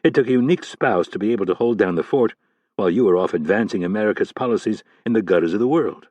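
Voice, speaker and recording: A man reading a spy thriller audiobook in a steady, even scripted narration. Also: fairly low pitch, fast talker, breathy edge, no room sound.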